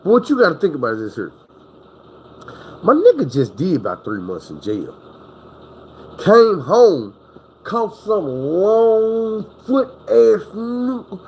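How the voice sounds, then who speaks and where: A man's voice: high-pitched, sing-song, a little slow, pauses often, rough recording. A man telling a story in a casual, rambling, profane way, acting out the people he quotes.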